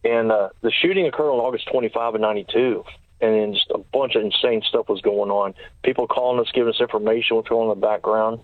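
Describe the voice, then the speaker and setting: Fast-talking man over a phone line. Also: fairly low pitch, steady tone, dry recording. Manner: fast, detailed recounting with quoted dialogue. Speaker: interview guest, former sheriff's deputy. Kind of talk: storytelling in an interview. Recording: tinny phone line, dry.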